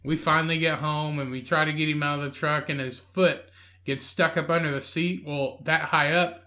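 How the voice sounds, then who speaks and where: Podcast co-host, male, crude laughing storyteller with a bright, slightly high voice. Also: fairly even intonation, normal speed. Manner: crude, laughing storyteller, acts out drunk friend and angry lady. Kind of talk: casual storytelling chat.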